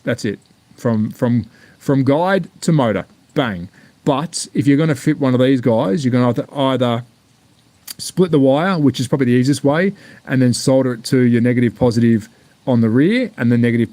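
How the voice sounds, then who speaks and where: A man's voice: medium pitch, expressive, moderate pace, dark tone, no echo. A man with an Australian accent hosting a live-stream hobby unboxing, chatting casually and bluntly with plenty of swearing and rambling asides. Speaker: slot car channel host.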